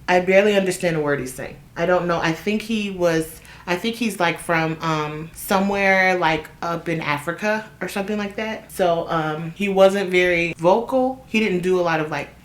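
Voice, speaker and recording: A young woman telling a story in a chatty, animated way while getting ready, with asides to her viewers. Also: low-pitched. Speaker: vlogger. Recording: roomy echo.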